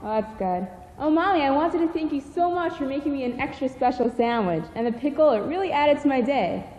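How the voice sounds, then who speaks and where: A polite, sweet-natured daughter, played by a woman, with a high, mellow voice. She talks gratefully and gently. The recording is echoey and slightly dull, with faint music behind. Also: normal speed, close to an everyday voice. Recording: echoey hall, dull lo-fi sound.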